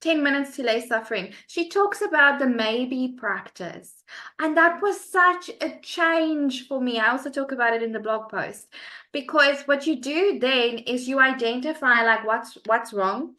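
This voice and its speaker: A woman chatting enthusiastically on a group video call, bubbly and quick to laugh, with lots of "like". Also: high-pitched, pushed and bright. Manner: enthusiastic, bubbly, laughs often, says "like" a lot. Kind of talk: lively casual chat.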